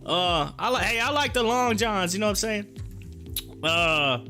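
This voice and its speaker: A man's voice: high-pitched, animated, a little slow, bright, forceful tone, soft background music. A man hosting a stock market livestream in casual chat, joking and laughing often while eating as he talks.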